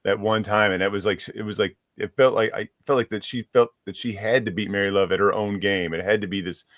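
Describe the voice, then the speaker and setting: A man's voice: fairly low pitch, steady tone, a little fast, fairly bright tone, no room sound. A man chatting casually about a book, rambling with many restarts as he hunts for names. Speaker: guest reviewer.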